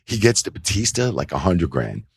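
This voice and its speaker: Man, middle-aged, very low husky voice, dry close sound, lively storyteller, casual interview. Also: normal speed, no echo. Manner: animated anecdotes, acts out quoted voices; loose, full of fillers like "you know" and "like". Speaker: wrestling referee telling stories as a guest. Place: indoor interview set.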